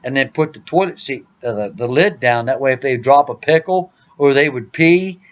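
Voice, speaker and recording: A man's voice: medium pitch, lively intonation, normal speed, dull audio. A man hosting a casual podcast, telling joking stories and saying "dude" a lot. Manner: loud joking storyteller, says "dude" a lot. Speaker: podcast host. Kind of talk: casual gaming podcast chat.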